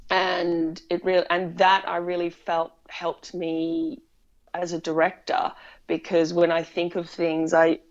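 A woman's voice: lowish voice, completely flat delivery, a little slow, highs cut off. A woman film director, chatting animatedly in an interview and telling stories with laughs. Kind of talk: casual interview conversation.

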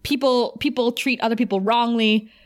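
A woman's voice: on the high side, moderate pace. A woman co-hosting a podcast, retelling a TV episode in casual chat and quoting the characters as she goes. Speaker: podcast co-host.

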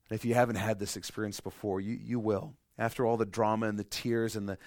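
A man preaching a sermon with passion, repeating his phrases, swinging from loud to hushed and acting out voices in his story. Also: medium pitch, no room sound, studio quality. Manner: repeats phrases, acts out voices of God and people. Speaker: pastor.

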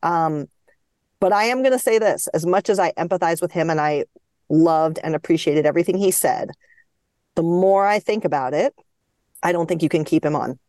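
A woman with a low voice co-hosting a sports podcast. She weighs her opinions thoughtfully in casual chat, and the sound is dry and close. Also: normal speed, a little mellow, dry recording. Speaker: podcast co-host.

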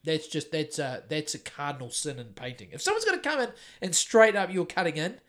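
A man's voice: on the high side, very animated, a little fast, a bit bright. A man with a New Zealand accent, a house painter and podcast co-host, chatting casually in a rambling, sweary way with lots of restarts. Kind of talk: casual chat.

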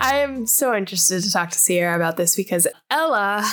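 A woman hosts a relaxed book club chat and talks in quick, loose sentences. She laughs often and fills her talk with "like". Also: mid-range voice, soft background music. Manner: chatty, laughs often, fillers like "like". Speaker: podcast host.

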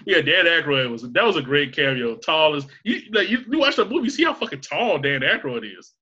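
Man, casual profane chat, bright husky voice, dull lo-fi recording. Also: a little high, sing-song, brisk. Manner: profane, laughs a lot, acts out movie quotes.

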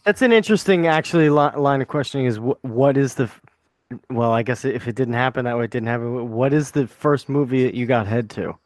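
A man's voice: mid-range voice, fast, no room sound. A man in casual chat who drops short, wry remarks and questions.

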